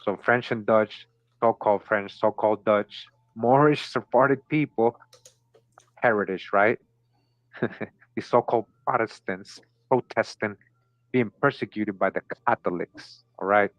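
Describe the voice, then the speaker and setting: A man's voice: fairly low pitch, unhurried, no room sound. A man hosting a show, reading passages aloud and breaking in with commentary, often repeating words and checking in with listeners. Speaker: host. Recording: dull lo-fi recording.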